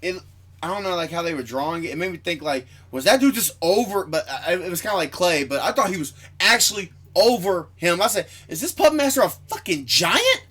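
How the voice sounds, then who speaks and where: A man co-hosting a podcast, casually reacting to comic books with animated comments, laughter and swearing. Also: high-pitched, brisk. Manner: animated reactions, laughs and profanity, acts out characters' lines. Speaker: podcast co-host. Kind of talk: casual comic book discussion.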